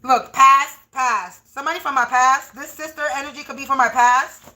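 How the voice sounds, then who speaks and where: A woman reads tarot live from home. Her voice sits high and sounds bright. She curses often and swings between low, muttered asides over her cards and loud shouts at people she thinks are against her. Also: steady tone, moderate pace. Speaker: tarot reader on a livestream. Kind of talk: livestream tarot reading, ranting. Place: home room.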